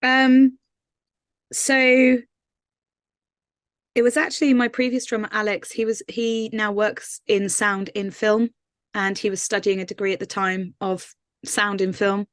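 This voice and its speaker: A woman's voice: mid-range voice, little pitch movement, a little slow, no echo, studio quality. A woman musician answering interview questions in an earnest, thoughtful way, with many fillers and restarts. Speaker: singer-songwriter interviewee.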